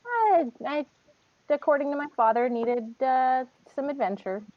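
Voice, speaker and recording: A woman's voice: high-pitched, animated, unhurried, no echo. Stammering woman playing an eager newcomer. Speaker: player. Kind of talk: in-character tabletop role-play. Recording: dry lo-fi online call audio.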